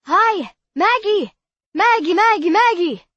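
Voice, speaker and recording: A woman's voice: high voice, very animated, measured pace, a bit bright, no room sound, lo-fi sound, voice pushed up, exaggerated voice. A woman voicing a sweet, overexcited young boy who gushes in a breathless, sing-song way. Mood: gushing.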